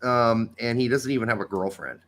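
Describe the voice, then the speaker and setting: A man's voice: mid-range voice, a little fast, a bit bright. A man co-hosting a casual soccer podcast, blunt and sardonic, swearing freely. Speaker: podcast co-host. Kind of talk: casual chat.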